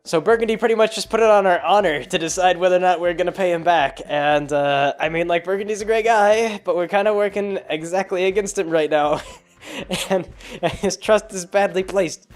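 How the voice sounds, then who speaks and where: A man's voice: high-pitched, fairly even intonation, fairly quick. A man casually recapping a tabletop game session in a rambling way, full of fillers and chuckles.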